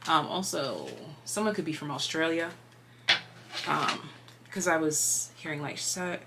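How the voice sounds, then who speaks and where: A woman's voice: deep voice, unhurried, very noisy. A woman giving a casual tarot reading, chatty and meandering, full of fillers, sometimes dropping to a whisper. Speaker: tarot reader.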